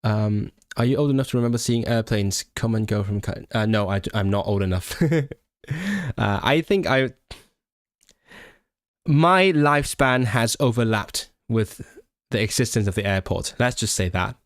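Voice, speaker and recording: A man's voice: fairly low pitch, normal speed, no room sound. A young man from Hong Kong chatting on a livestream as a language-learning streamer, reading viewer questions aloud, laughing often and restarting words, into a big microphone close to his face. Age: young adult. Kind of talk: casual livestream Q&A. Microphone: large microphone close to the face.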